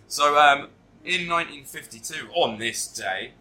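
Guy hosting a podcast, really bright tone, rambly and sweary. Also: fairly high pitch, lively intonation, slow pace, low-quality recording. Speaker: podcast host. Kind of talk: casual chat.

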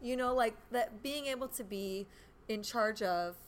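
A woman hosting a casual group chat about caring for children, chatty and quick to laugh and joke. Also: on the high side. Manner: chatty, laughs often, jokey asides. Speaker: podcast host.

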